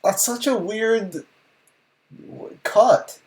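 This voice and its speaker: A man's voice: sits high, drawn-out words, a little mellow. A young man hosting a live reaction video, incredulous and laughing, often asking "what?".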